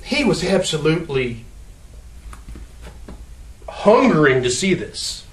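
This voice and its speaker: Speaking slowly in a fairly high voice, a man casually tells a made-up story, animatedly acting out sounds and gestures along the way. The mic is distant, giving a roomy echo, and there is a little hiss or hum.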